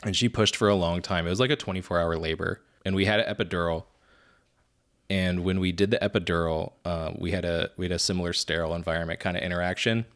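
A man co-hosting a podcast, telling animated stories about being a father and often laughing at his own anecdotes. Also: deep voice, fast. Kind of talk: casual chat.

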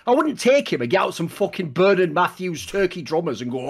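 A man's voice: high voice, big pitch swings, fairly quick, gravelly, few pauses, husky. A man co-hosting a casual podcast, mocking and swearing as he banters. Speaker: co-host.

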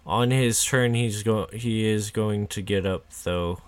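A man running a tabletop game as game master, narrating the action in an unhurried, descriptive way with fillers. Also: fairly low pitch, clean tone.

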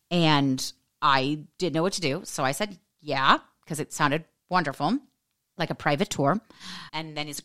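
A woman's voice: low voice, moderate pace. An American woman in her forties hosting a podcast, telling a story in a casual, sassy way and acting out the voices of the people in it. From United States. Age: 40s. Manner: animated, sassy, acts out quoted voices. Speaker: podcast host.

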